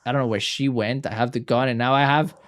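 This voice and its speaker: A man streaming a video game live, reacting excitably and swearing at what happens on screen. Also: mid-range voice, fast talker. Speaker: gaming streamer. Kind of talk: live gameplay commentary.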